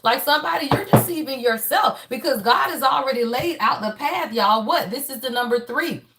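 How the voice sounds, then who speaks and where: Woman, high voice, casual tarot reader, preachy and blunt with a salty mouth. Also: moderate pace, a bit bright. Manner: emphatic, preachy, peppers every phrase with "y'all"; blunt and swears freely. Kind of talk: casual spiritual reading.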